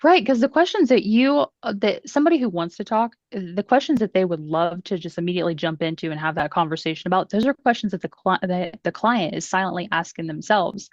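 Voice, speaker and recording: Woman, quick speech, lowish voice, dry sound. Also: no echo, dull audio. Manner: animated, acts out quoted clients. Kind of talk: casual group discussion.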